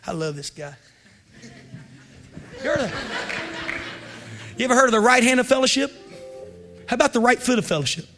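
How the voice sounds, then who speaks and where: A man in his thirties preaching a revival sermon to a congregation in a church, swinging between shouted exhortation and hushed storytelling. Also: very high-pitched, sing-song, moderate pace, long pauses, soft background music. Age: 30s.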